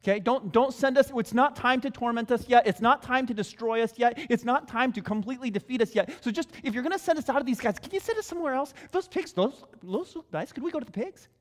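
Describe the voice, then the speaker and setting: A man voicing a group of frightened male demons who plead and bargain in a rapid, whiny way, with a long hall reverb. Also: very high voice.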